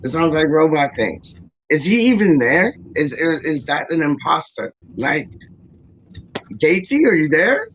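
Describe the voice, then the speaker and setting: A man's voice: a little high, a little slow, highs cut off, slight background noise. A man hosting a casual football fan livestream, talking in slang, saying "dog" and "yo" a lot, often restarting his sentences and getting hyped. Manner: hyped and excitable. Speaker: football fan channel host.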